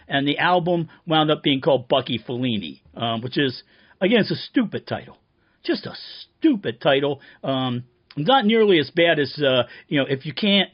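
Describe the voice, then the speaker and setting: Deadpan male comic monologuist, sardonic and profane, lively pitch, muffled lo-fi take. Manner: sardonic, profane, rambling tall tale. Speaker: band member promoting a reissue.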